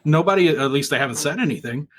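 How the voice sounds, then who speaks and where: A man's voice: fairly high pitch, animated, fast talker, a little hiss or hum. A man co-hosting a casual podcast, brash and profane with a joking edge. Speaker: podcast co-host.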